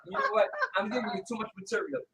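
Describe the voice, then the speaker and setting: A man's voice: high-pitched, very animated, very fast, crowd noise, rough recording. A man casually telling crude jokes on a livestream, playful and rambling. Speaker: livestream guest.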